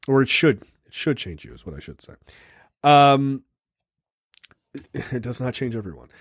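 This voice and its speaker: A man's voice: medium pitch, unhurried, breathy edge, no echo, studio quality. A man co-hosting a podcast, casually recapping a film with lots of fillers and playful acted quotes. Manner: animated retelling with many fillers and acted quotes. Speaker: podcast co-host. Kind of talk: casual film review chat.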